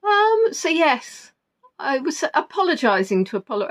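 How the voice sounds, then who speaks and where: A woman retells a stressful day in a casual, rambling way, quoting the people she spoke to. Her fairly high voice sounds emotional and a little flustered. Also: very animated, normal speed. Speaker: vlogger. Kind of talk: casual storytelling.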